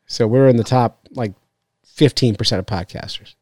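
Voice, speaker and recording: A man's voice: medium pitch, normal speed, a little mellow, dry recording. A man hosting a fishing podcast, chatting casually in a joking, rambling way and laughing often. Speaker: podcast host. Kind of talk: casual chat.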